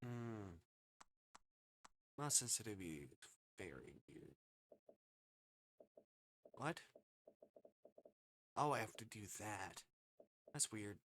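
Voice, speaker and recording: A man's voice: fairly low pitch, sing-song, slow pace, pauses often, a bit bright, slight background noise. A man live-streaming a game, muttering puzzled questions and swearing at lag. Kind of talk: casual live-stream gaming talk.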